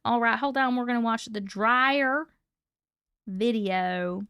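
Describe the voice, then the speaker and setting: A woman with a high voice runs a relaxed live stream from home and chats with her viewers as she goes. She sounds playful, laughs a lot and swears lightly, with a slight cough here and there. The sound is dry and close, with little room echo. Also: slow, clear, resonant tone. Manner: chatty, playful, laughs often, swears casually. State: coughing, needs a cough drop. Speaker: livestream host reading viewer stories.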